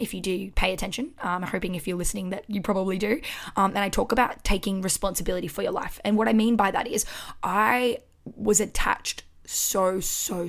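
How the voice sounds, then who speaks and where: A woman in her twenties with an Australian accent, talking candidly and expressively alone on her podcast, swearing freely, recorded on a microphone at home. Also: mid-range voice. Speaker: podcast host. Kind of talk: casual solo podcast monologue. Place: her house.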